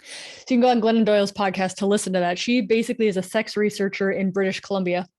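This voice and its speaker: A woman's voice: mid-range voice, fast. Chatty woman doctor on a livestream. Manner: chatty, frequent "like", animated bursts of emphasis. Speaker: physician podcast host answering listener questions. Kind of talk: casual live-stream Q&A. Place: home room with bookshelf. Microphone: headphones with mic on a live stream.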